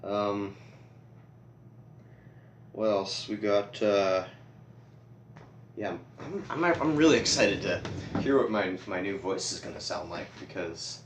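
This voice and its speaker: A man's voice: fairly low pitch, expressive, takes it slowly, pauses often. Rambling teen boy with cracking voice. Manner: rambling, goofy, self-deprecating. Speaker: vlogger. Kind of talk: casual rambling show-and-tell. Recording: echoey room, far from mic, faint hiss.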